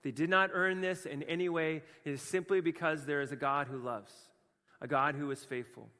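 A Canadian pastor preaching with passion, moving between hushed, quiet stretches and emphatic, fired-up bursts. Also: male voice, on the high side, steady tone, moderate pace, in a large hall. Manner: impassioned, swings from hushed to emphatic. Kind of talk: sermon.

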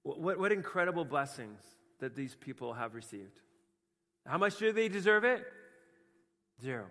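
A Canadian pastor preaching with passion, moving between hushed, quiet stretches and emphatic, fired-up bursts. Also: male voice, a little high, sing-song, moderate pace, in a large hall. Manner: impassioned, swings from hushed to emphatic. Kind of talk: sermon.

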